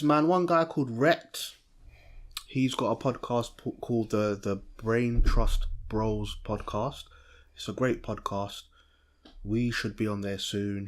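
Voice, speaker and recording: A young man, co-hosting a podcast in a lively, chatty way, often restarting mid-sentence. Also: medium pitch. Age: young adult. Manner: animated, chatty, self-interrupting. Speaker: podcast co-host. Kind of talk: casual chat.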